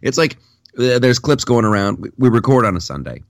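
A man co-hosting a podcast in casual political chat, jokey and animated, with many restarts. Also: medium pitch, fairly quick, no echo, clean studio sound. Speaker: podcast co-host.

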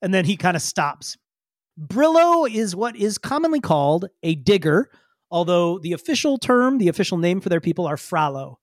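A man's voice: sits high, very animated, normal speed, dry recording, studio quality. A man narrating as game master in a casual tabletop session, rambling a little as he searches for words.

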